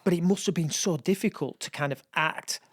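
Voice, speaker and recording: A woman's voice: on the low side, brisk, slightly rough, no room sound, studio quality. A woman co-hosting a podcast, asking the guest encouraging questions in casual chat. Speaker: podcast co-host. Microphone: studio mic.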